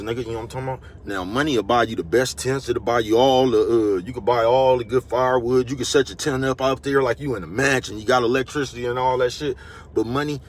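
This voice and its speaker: A man's voice: medium pitch, a little hiss or hum. A man vlogging a casual motivational monologue, rambling and slangy, and he keeps repeating his catchphrases.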